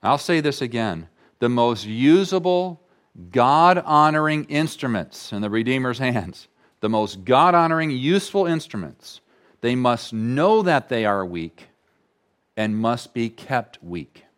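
A man preaching a sermon as pastor, slow and deliberate, repeating key phrases for emphasis. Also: mid-range voice, expressive, clear, resonant tone.

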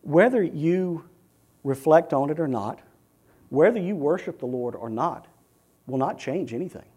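Fervent preaching man, slightly high voice. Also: lively intonation, measured pace, slightly rough. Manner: chants repeated phrases with rising intensity, then drops to a hush; earnest, addresses listeners directly. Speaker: pastor. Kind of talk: sermon.

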